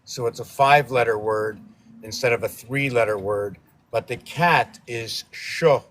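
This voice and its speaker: A man's voice: mid-range voice, unhurried, fairly bright tone, a little hiss or hum. A man hosting a casual painting livestream, rambling playfully through wordplay and letter puzzles. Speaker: livestream host painting on camera.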